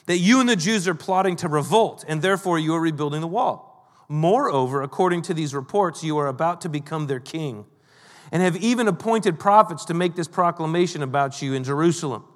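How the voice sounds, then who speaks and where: A man preaching a sermon, lively and conversational, acting out the lines of the people in his story. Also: on the high side, brisk, in a large hall. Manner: animated, acts out quoted lines. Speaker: pastor.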